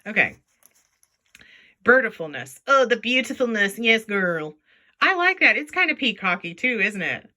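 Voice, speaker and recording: A woman's voice: on the high side, sing-song, moderate pace, bright, forceful tone. A woman chatting casually as she sorts jewelry, playful and talkative, often talking to the pieces in silly voices. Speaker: jewelry reseller vlogger. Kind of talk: casual chat while sorting jewelry.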